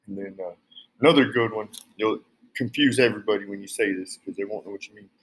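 A man's voice: fairly low pitch, fast talker, a bit bright, slightly rough, poor audio. A man, chatting casually in an easygoing way. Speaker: co-host. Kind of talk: casual chat.

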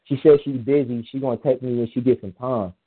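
Man, casual chat, rambling and emphatic, phone-line audio, average pitch. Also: steady tone, brisk, husky. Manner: rambling, emphatic storytelling with frequent restarts. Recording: tinny phone-line sound.

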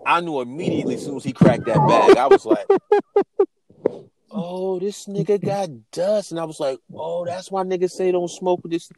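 A man's voice: high voice, huge pitch swings, normal speed, a little mellow, a little hiss or hum. A man co-hosting a podcast, telling stories in casual, profane chat, acting out quotes and laughing often. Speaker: podcast co-host.

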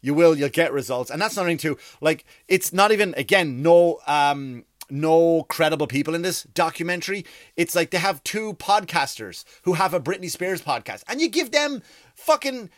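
Male comic host, sarcastic rambling rant, slightly high voice, dry close sound. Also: expressive, moderate pace, no echo. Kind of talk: comedic rant.

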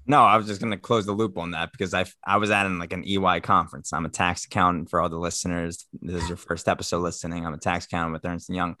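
Philly guy cohosting a podcast, real low voice, dry sound, rambles through his stories. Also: little pitch movement, fast, hardly any pauses, bright, forceful tone, dry recording. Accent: Philadelphia. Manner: chatty storyteller, explains at length. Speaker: podcast co-host. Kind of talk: casual chat.

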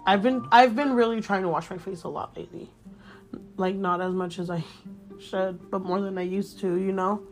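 A young woman talks casually on a podcast with her sister, rambling along with plenty of fillers. Her voice sits at a middle pitch for a woman. Faint music plays underneath. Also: fairly even intonation, normal speed. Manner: chatty, rambling, many fillers. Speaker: podcast co-host. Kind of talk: casual chat.

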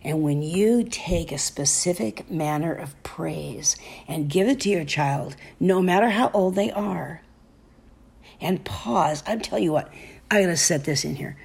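A middle-aged woman hosting a parenting advice talk, speaking softly and slowly, often dropping to a whisper. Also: fairly low pitch, vocal fry, husky. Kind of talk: gentle spoken advice monologue.

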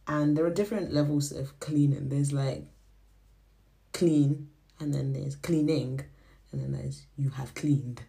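Low gravelly-voiced woman telling a story. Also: a little slow. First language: Shona. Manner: animated storytelling, acting out quoted voices. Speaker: podcast host. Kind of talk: casual faith reflection monologue.

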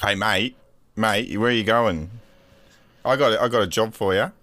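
A man voicing a gruff Aussie bogan commander in a role-play, halting and full of fillers. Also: on the low side, a bit bright, no echo, close to an everyday voice. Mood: pushy.

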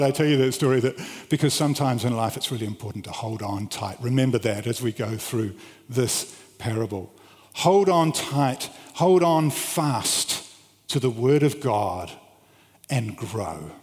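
Man, middle-aged, preacher, storytelling sermon, animated delivery, slightly high voice, long hall echo. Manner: animated storyteller with big swings in pitch and loudness. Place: large hall with an audience.

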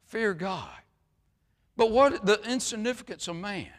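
A man preaching a sermon as pastor, swinging from shouts down to hushed asides with many fillers. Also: high voice, lively intonation, a little slow. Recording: long hall reverb.

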